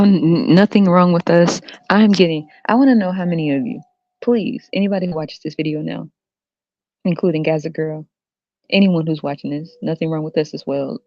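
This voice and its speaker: A woman's voice: low-pitched, steady tone, normal speed, no echo. Woman podcaster going off on a crude cussing rant at her viewers, muffled lo-fi audio, dead dry room. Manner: crude, profane, laughing often; addresses viewers directly. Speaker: podcast host. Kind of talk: solo ranting monologue. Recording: dull dry lo-fi recording.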